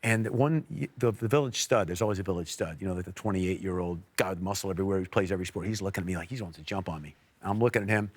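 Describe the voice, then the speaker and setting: An American man telling a personal story on a faith talk show, earnest, with quiet and emotional stretches. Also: low-pitched, fast talker, few pauses, no room sound. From United States. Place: TV studio.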